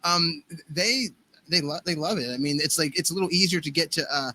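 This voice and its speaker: A man's voice: on the high side, fairly quick, pushed and bright, a little hiss or hum. An American man, a guest musician, telling stories in casual podcast talk with many fillers and restarts. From United States. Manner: rambling, full of fillers and restarts.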